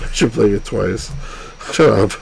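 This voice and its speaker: Exasperated man yelling at a game. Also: mid-range voice, gravelly, a little hiss or hum, low-quality recording. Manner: exasperated, swears and yells at the game. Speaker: let's play host. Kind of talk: casual gameplay commentary.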